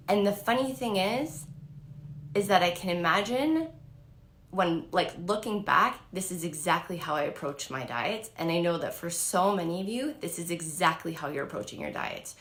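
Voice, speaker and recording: A woman's voice: lowish voice, expressive, normal speed, fairly bright tone, reverberant. A woman in her thirties telling a story to camera in a casual, chatty way, full of fillers and acted-out quotes. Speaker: vlogger and diet coach.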